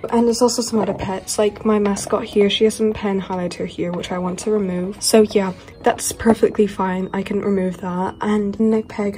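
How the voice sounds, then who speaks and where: A woman's voice: medium pitch, darkish tone. A young woman from the UK, chatting in a gushing, rambling way while unboxing toys, with squeals and laughs. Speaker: toy collector vlogger. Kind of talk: excited unboxing chat.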